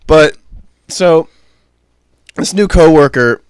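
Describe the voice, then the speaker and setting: A young man co-hosting a casual podcast, telling rambling, swearing anecdotes in an animated way. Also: a little high, takes it slowly, clean tone, dry recording, clean studio sound. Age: young adult. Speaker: podcast co-host. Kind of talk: casual storytelling chat.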